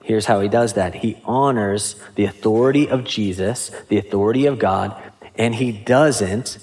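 A pastor preaching a sermon in a conversational way, with casual asides and questions to the congregation. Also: male voice, on the low side, moderate pace, a little mellow.

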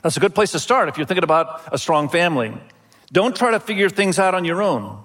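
A man's voice: sits high, expressive, fast talker, a bit bright. A male pastor giving a sermon in a friendly, conversational storytelling manner. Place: church auditorium. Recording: long reverb of a large hall.

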